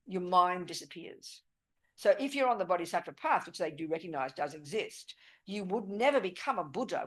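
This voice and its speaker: A woman's voice: fairly low pitch, husky. A woman giving a live Buddhist teaching at a retreat. She speaks emphatically and often stops to ask whether the listeners understand. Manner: emphatic and forthright, often checking "do you understand?". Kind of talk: live dharma teaching with questions and answers. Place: meditation center teaching room.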